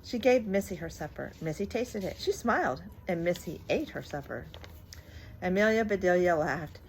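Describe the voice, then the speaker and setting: Grandmother storyteller, older woman, lively pitch, bedtime reading. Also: normal speed, low-quality recording.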